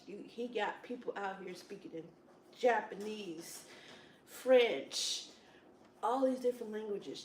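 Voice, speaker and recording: A woman in casual chat at a Bible study, telling rambling, animated stories with lots of "it's like, wow.". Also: medium pitch, slight background noise. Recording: echoey room, distant from mic.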